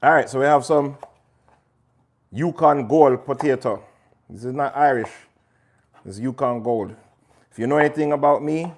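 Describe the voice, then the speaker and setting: A man's voice: medium pitch, a little mellow. A man with a Jamaican accent hosting a live cooking stream, chatting and joking with his viewers as he cooks. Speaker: chef hosting a livestream. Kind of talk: casual live cooking chat.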